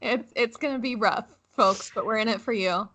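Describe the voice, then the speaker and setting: A woman's voice: a little high, moderate pace, sharp tone. A young woman co-hosting a casual chat podcast, giggly and prone to tangents. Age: young adult. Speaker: podcast co-host.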